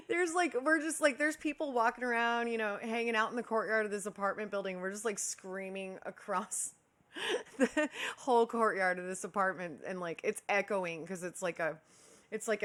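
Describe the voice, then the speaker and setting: A woman's voice: mid-range voice, fairly bright tone. A young woman from Kansas City hosting a livestream, chatting casually with her viewers, laughing often and greeting them with affectionate nicknames. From Kansas City, USA. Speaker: livestream host.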